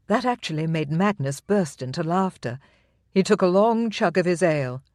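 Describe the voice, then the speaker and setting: An audiobook narrator reading a historical romance in measured, even storytelling. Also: medium pitch, no echo, studio quality. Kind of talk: scripted narration.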